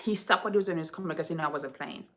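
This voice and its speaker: Bright-voiced chatty woman from Jamaica. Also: low-pitched, racing. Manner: animated, chatty, dramatic storytelling. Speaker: home decor vlogger. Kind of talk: casual storytelling to viewers.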